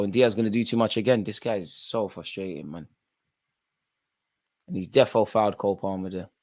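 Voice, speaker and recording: Slangy man doing football watchalong commentary. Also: on the low side. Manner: casual slangy banter, calling players by name. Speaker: watchalong host.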